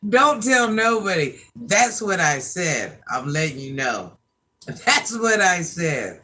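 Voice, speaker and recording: Woman, 50s, livestream host; slow, chatty storyteller with a bright, forceful voice. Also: low-pitched, very animated. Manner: chatty storyteller, laughs at herself. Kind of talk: casual livestream chat.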